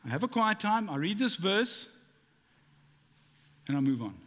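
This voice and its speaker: A pastor preaches a sermon in a high, lively voice that leaps around while moving a little slowly. He jokes and fires rhetorical questions at the congregation, his words echoing with a long hall reverb.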